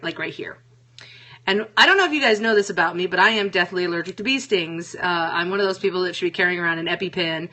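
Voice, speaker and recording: A woman's voice: mid-range voice, bright, forceful tone. A woman hosting a casual solo talk show, frank and chatty, swearing freely and reading viewer comments aloud. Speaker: show host.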